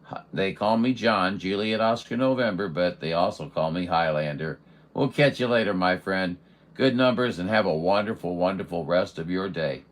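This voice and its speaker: A man's voice: deep voice, normal speed. A man working amateur radio contacts, chatting in a folksy way with lots of fillers.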